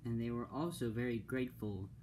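A man's voice: mid-range voice, brisk, darkish tone, slight background noise. Man narrating a simple toy-train story. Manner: plain, simple retelling.

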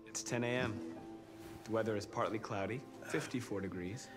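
An actor playing a calm, polite android. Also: male voice, fairly low pitch, moderate pace, natural voice. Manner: even, precise announcing. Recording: game audio with music behind.

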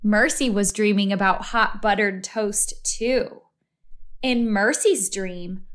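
A woman reading a children's storybook aloud in a slow, expressive, deliberate way. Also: a little high. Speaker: story reader.

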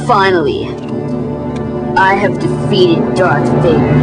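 A young woman doing all the voices in a homemade toy-figure animation, jumping from one character to the next with big pitch swings. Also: normal speed, music in the background. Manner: switches pitch wildly between characters, often squealing high.

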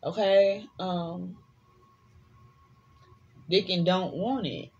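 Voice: medium pitch, drawn-out words, a little mellow, husky, muffled recording. A tarot reader giving a casual collective reading, chatty and sassy, swearing freely and rambling between the cards.

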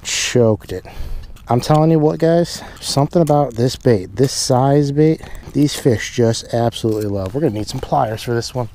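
With a medium-pitched voice, normal speed and few pauses, a young man runs his fishing vlog outdoors at a rainy pond, speaking to a camera mic. There's slight background noise, and his cheerful tone turns excited whenever a fish bites.

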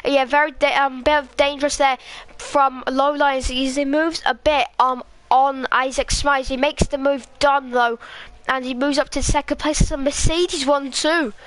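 A woman with a Scottish accent giving live race commentary in a halting, rambling way, full of fillers. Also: high-pitched, fairly even intonation, fairly bright tone, dry recording. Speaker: sim racing commentator.

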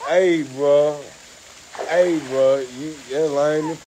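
A man joking around with his partner at a pool at night, cursing and complaining loudly. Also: on the high side, a little slow, background noise. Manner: profane, animated, indignant. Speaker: vlogger. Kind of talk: casual banter.

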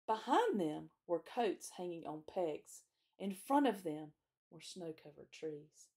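A woman, a children's chapel teacher, reading a storybook aloud in a gentle, clear way. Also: fairly low pitch, animated, takes it slowly.

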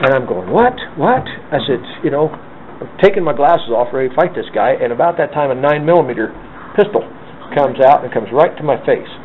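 A man in his fifties telling a lively story in an oral history interview, acting out the lines of the people in it. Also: mid-range voice, brisk. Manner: lively anecdotal storyteller, acts out quoted lines. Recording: narrow phone-like band with faint hiss.

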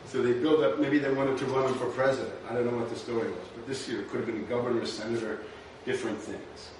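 A fast-talking man with a slightly mellow, mid-range voice and fairly even intonation gives a conversational, rhetorical history lecture, often asking "right?". The recording comes through a distant mic in a very echoey lecture room with faint noise.

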